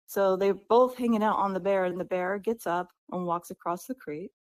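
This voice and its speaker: Woman author guest, chatty storyteller, mid-pitched voice. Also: moderate pace. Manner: animated storyteller, acts out characters' lines; conversational, often asks "right?". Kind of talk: interview, retelling her book's story.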